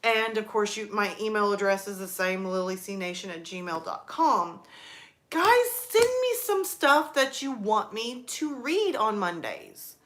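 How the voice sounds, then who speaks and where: A woman's voice: mid-range voice, unhurried, a little hiss or hum. A woman in her thirties hosting a live stream, chatting casually and rambling through stories about her kids and her mom. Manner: chatty, rambling, animated storytelling.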